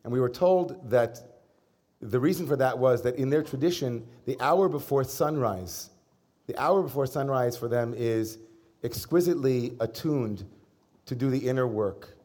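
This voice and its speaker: A middle-aged man, a rabbi, giving a sermon in a conversational storytelling manner with gentle humor. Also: medium pitch, moderate pace.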